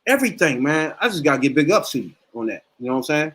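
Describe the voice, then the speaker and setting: A man's voice: fairly high pitch, sing-song, fast, fairly bright tone, slight background noise. Enthusiastic casual podcast host, a man. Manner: enthusiastic, informal and approving. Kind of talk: casual chat.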